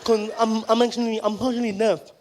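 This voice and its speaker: Fields: Figure: a man doing a pushy deaf fan. Pitch: high. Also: level tone, fairly quick, close to an everyday voice. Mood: insistent. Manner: loud, insistent and blunt.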